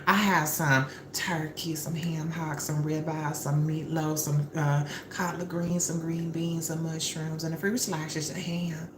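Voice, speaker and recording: Woman putting on a bashful middle-aged woman, low voice, soft and halting, in an echoey room. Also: level tone. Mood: shy, eager. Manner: soft, hesitant listing. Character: nervous shy middle-aged woman offering dinner. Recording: roomy with faint background noise.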